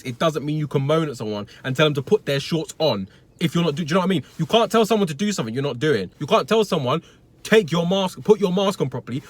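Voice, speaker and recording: A young man telling a blunt, swearing rant about a customer at work, acting out the argument in a lively way. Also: mid-range voice. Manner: blunt, swearing, animated storytelling. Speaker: retail worker vlogger. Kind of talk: casual ranting story.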